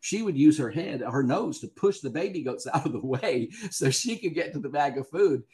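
A man's voice: on the high side, expressive, normal speed, warm tone. A man with a Southern US accent, a guest actor telling stories in a casual podcast interview and laughing often. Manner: chatty storyteller, laughs often.

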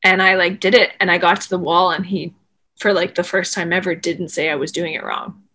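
A woman being interviewed, telling a long story in casual, animated talk full of "like" fillers. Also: fairly low pitch, brisk. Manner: animated, rambling, frequent "like" fillers. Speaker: interview guest, former swimmer.

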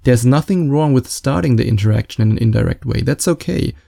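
A man with a very dark, gravelly voice hosts a solo podcast and gives dating advice. He coaches in an emphatic, repeating manner and presses every point home. The recording is dry and close. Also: medium pitch, lively intonation, a little fast, no echo. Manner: emphatic, repetitive coaching delivery.

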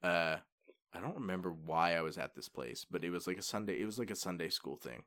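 Deep, bright-toned young man chatting. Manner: relaxed, quick reactions and jokes. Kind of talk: casual chat.

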